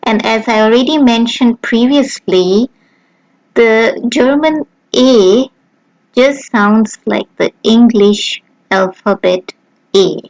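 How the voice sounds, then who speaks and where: A woman with a fairly high voice reads out a beginner lesson at a very slow, deliberate pace. Every sound is spelled out clearly and carefully. The recording is dry and close. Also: a little mellow, no room sound, low-quality recording. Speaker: language teacher. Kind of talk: slow scripted lesson narration.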